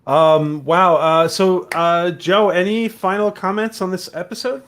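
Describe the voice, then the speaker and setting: A man's voice: high-pitched, fairly even intonation, a little slow, fairly bright tone. A man hosting a livestream, speaking hesitantly with many fillers. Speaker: host.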